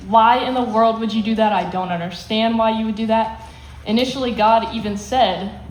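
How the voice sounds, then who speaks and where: Woman teaching a Bible lesson, echoey. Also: fairly high pitch. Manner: explains plainly, acts out quotes with emphasis. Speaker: youth Bible study teacher. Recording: echoey room, faint hiss.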